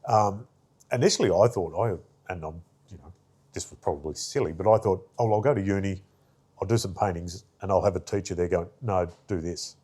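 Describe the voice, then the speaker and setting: A deep-voiced man, an artist and arts worker appearing as a guest, tells stories in a casual interview. He talks a little fast with a dark, slightly rough tone, rambling with plenty of fillers and acting out the voices he quotes.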